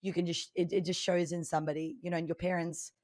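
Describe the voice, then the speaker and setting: A young adult woman with a South African accent blended with Australian, a chatty, high-energy podcast guest talking about streaming. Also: level tone, quick pace, a little mellow, no room sound. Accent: South African mixed with Australian. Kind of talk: casual interview talk.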